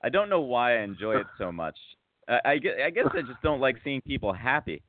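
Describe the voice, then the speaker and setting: Male host, rambling anecdote style, mid-pitched, dry tinny line. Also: very animated, fairly quick, no echo. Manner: rambling, self-mocking, many fillers and restarts. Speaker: podcast host. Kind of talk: casual storytelling chat. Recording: tinny phone-like sound.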